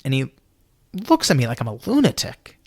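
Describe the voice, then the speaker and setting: A young man telling a personal story in a lively, animated way, acting out his younger self and often saying "you know". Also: moderate pace, breathy edge, dry recording, studio quality. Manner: lively, acts out his own younger self in a high excited voice; peppers speech with "you know". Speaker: storyteller guest.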